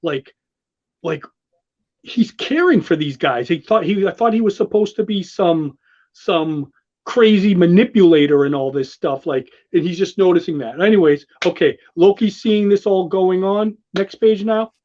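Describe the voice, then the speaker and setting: A man hosting a show, gushing excitably in casual commentary that rambles with restarts. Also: high-pitched, moderate pace. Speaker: show host walking through a comic. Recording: dull lo-fi sound.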